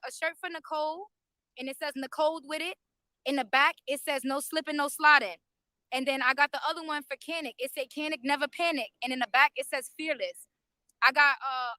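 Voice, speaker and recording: A woman on a casual live stream, talking straight to her viewers in an animated, profane way, recorded on a phone near a courthouse overflow room. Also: high voice, no echo, rough recording. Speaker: YouTube livestreamer.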